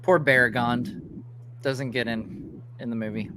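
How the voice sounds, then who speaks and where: Relaxed man hosting, noisy background. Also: mid-range voice, unhurried. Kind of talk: casual watch-party commentary. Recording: clear background noise.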